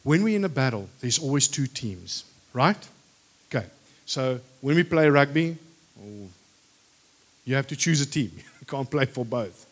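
A man preaching a sermon with emphatic, repeated phrases for stress, sometimes dropping to a hushed voice. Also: medium pitch.

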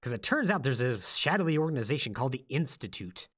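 A man on a casual podcast who swoops up and down as he tells a story. His pitch is mid-range and he jumps into the lines of each character as he goes. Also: fast, breathy edge. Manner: animated storytelling, acts out quotes. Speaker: podcast co-host.

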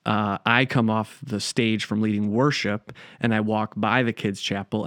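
A man who is a pastor and podcast host, telling a personal story in an earnest, reflective way with frequent pauses and fillers. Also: lowish voice, clean tone, dry recording, clean studio sound.

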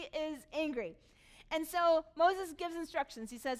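A woman pastor giving a sermon, retelling scripture in animated, casual voices and speaking directly to the congregation. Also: high voice, measured pace.

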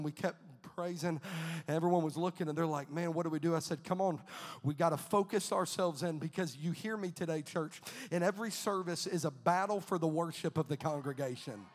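A man's voice: a little high, long reverb tail. A man preaching a sermon as pastor, fervent, repeating his phrases and dropping many filler "uh"s.

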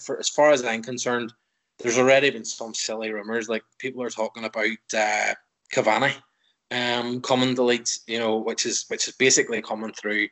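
A man's voice: medium pitch, a bit bright, rough recording. A man, a guest on a football chat show, giving his opinions in long, rambling, casual answers. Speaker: podcast guest, football fan.

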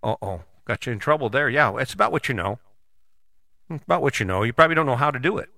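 A man's voice: medium pitch, sharp tone, no echo, clean studio sound. A man in his sixties hosting a podcast, giving a blunt, folksy motivational monologue with casual swearing. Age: 60s. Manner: blunt, folksy, swears casually, jumps between voices for imagined people. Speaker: podcast host.

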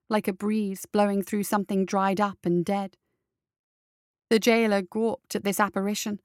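A woman reading a story aloud in measured, dramatic audiobook narration, close to the mic. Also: mid-range voice, clear, resonant tone, no room sound.

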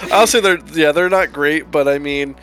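A man's voice: on the high side, unhurried, fairly bright tone, faint music behind. A man co-hosting a podcast, chatting casually about a movie and often restarting his sentences as he hesitates. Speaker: podcast co-host.

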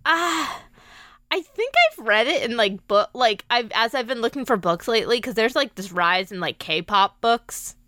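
A young woman with a bright, sharp, fairly high voice, chatting as a podcast co-host. She is giggly and peppers her talk with "like". The sound is close and dry. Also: lively intonation, no room sound. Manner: giggly, quick reactions, lots of "like". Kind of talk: casual chat.

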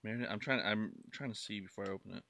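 Young male vlog co-host, low-pitched, sharp bright voice, casual cursing snack chatter. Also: racing, gravelly. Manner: loose and profane, mumbling asides. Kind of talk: casual snack taste-test chat.

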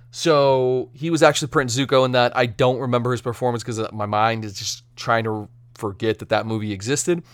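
Chatty, energetic male podcast host. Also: mid-range voice, no echo. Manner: chatty and energetic, slipping into silly joke accents. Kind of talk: casual solo podcast review.

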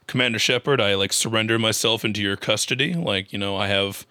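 A man's voice: on the low side, fairly quick, sharp tone, clear, resonant tone, dry recording. A man doing a scheming enemy commander. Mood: bargaining. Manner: casual paraphrased delivery.

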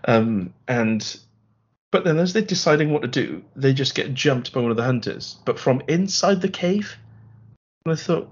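Husky man, wry rambling recap. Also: mid-range voice, expressive, normal speed, highs cut off. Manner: wry, rambling, sarcastic storytelling. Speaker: podcast co-host. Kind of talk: casual film review chat.

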